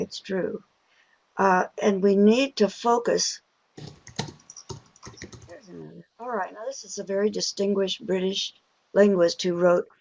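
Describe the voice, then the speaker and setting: An older woman teaches pronunciation in an unhurried, deliberate way, drawing out stressed vowels to show them. Her voice carries a gravelly edge. The sound is dry and close, straight into the mic. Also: medium pitch, darkish tone, no echo, muffled recording. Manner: patient and encouraging with the audience. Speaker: pronunciation teacher giving a webinar. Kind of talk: slow, deliberate lecture.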